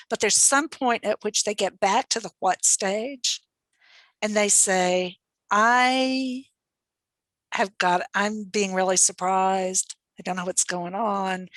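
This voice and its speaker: A thoughtful woman guest speaker answers questions over a video call. Her voice sits at a middle pitch and comes through dry and close, with no room sound. She speaks reflectively and laughs lightly now and then. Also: fairly bright tone, dry recording, poor audio. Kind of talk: online webinar Q&A answer.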